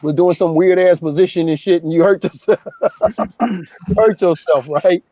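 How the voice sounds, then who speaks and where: A man co-hosting a casual chat, profane and animated, acting out what others said. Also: sits high, moderate pace, dry recording, dull audio. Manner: profane, animated, acts out quotes. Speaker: podcast co-host.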